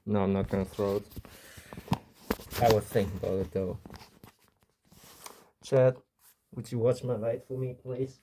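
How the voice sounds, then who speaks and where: A man's voice: lowish voice, steady tone, unhurried, pauses often, background noise. A young man chatting casually on a live stream, rambling playfully and toying with mock accents.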